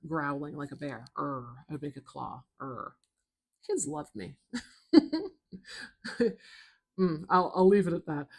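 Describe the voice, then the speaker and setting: A woman with a North American accent teaching phonetics, talking gently and drawing out her words. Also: low voice. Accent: North American English. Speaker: former children's speech worker. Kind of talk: slow, soothing instructional talk.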